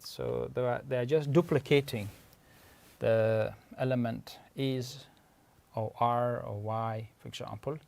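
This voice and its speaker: A man with a medium-pitched voice that's creaky and a little mellow gives a lecture explaining his subject as a language researcher. His first language is Uzbek and he speaks with an Uzbek accent. His delivery is patient and methodical, with frequent pauses to clarify terms.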